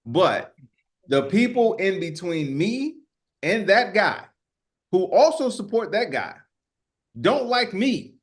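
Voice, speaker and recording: Man co-host, slightly high voice, rushed and emphatic. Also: very animated. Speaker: podcast co-host. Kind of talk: casual comedic chat.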